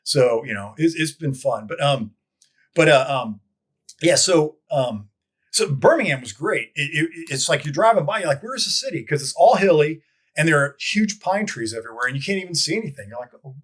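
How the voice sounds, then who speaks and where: A man telling stories as a guest in a casual interview, rambling with frequent restarts and lively quoted voices. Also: fairly high pitch, normal speed, slightly rough. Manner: rambling with many restarts, animated quoting. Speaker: guest, advertising copywriter. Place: lives in Dallas.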